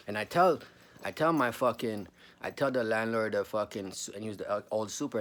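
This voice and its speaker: Fast-talking, cussing man telling a creepy story. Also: lowish voice. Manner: profane, rambling, says bro a lot. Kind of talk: casual storytelling.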